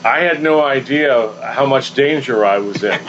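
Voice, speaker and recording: A man telling a story on a podcast in a casual, animated way, acting out the quotes with laughter. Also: mid-range voice, moderate pace, soft background music. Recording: dull lo-fi podcast audio with faint noise.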